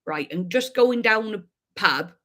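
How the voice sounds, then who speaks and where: A woman's voice: mid-range voice, expressive, measured pace, fairly bright tone. A woman putting on a cheery, exaggerated Devon accent to play a friendly local. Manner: broad, jokey, exaggerated.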